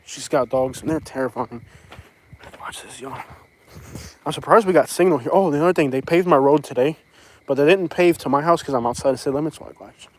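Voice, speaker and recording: A man's voice: a little high, fast talker. A man, chatting casually on a live stream from outdoors on his rural property, rambling with lots of fillers and restarts. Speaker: vlogger hosting a live stream.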